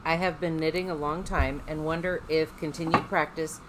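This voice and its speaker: A woman co-hosting a casual chat, reading listener letters in a dry, low-key way. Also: steady tone, normal speed, heavy background noise. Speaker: co-host.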